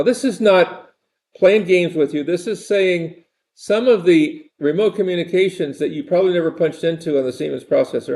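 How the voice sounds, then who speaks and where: A man's voice: fairly high pitch, gravelly, dark tone. An older man giving a rambling, conversational university lecture and repeating his phrases.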